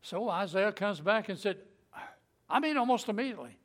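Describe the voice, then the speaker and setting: A man with a high voice teaches a Bible story at a brisk clip, keeping it folksy and conversational. His retelling is animated, as he acts out the quotes and chuckles along the way.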